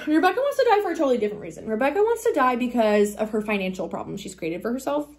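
A young woman vlogger retelling a stressful story in a fast, dramatic, casual way, acting out what everyone said. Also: a little high, sing-song. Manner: dramatic, fast retelling full of quoted exclamations.

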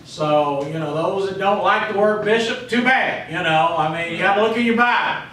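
A man preaches a folksy, conversational sermon and repeats "amen" between thoughts. His voice is bright and stammers now and then. He is heard from far off in a very echoey church with a faint hum behind him. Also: high-pitched, normal speed. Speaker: Baptist pastor.

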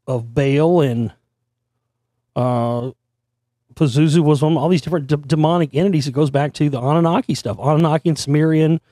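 A hoarse man hosts a talk show, his voice sitting a little above the usual male range. He rambles and often restarts mid-sentence. The recording is dry, with no room sound. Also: on the high side, a little mellow, dry recording. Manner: rambling, with many restarts and repeated words. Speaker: host. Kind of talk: monologue to camera.

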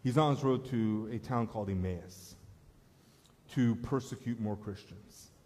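A man's voice: lowish voice, measured pace, warm tone. A man preaching a sermon as pastor, telling a story in an earnest way that rises to emphatic appeals, in a church sanctuary. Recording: echoey church hall.

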